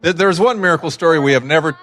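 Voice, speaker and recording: A man's voice: a little high, fast, a bit bright. A man hosting a podcast, reflecting in short phrases. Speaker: podcast host. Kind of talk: casual chat.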